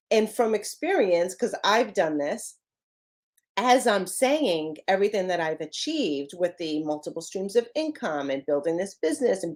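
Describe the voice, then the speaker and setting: A middle-aged woman coaching her listeners with lively, emphatic energy, her voice sitting at a middle pitch. She talks casually and swears now and then, pushing them to act. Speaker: business coach. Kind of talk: motivational coaching talk.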